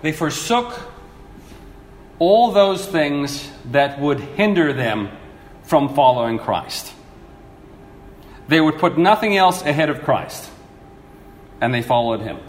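A man preaching a sermon, earnest and animated, acting out the people he quotes. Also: on the high side, slow pace, pauses often, slight background noise. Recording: echoey hall with faint ambience.

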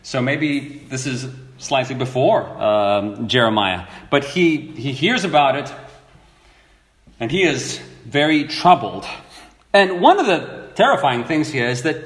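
A man preaching a sermon, reading scripture aloud and acting out the people in the story with lively repetition. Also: medium pitch, unhurried, roomy sound. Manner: animated, acts out quoted speakers, repeats words.

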